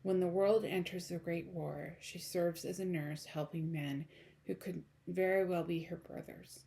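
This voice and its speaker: A woman with a raspy morning voice giving a casual book review, rambling with lots of ums and restarts. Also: lowish voice, fairly even intonation, measured pace, mellow.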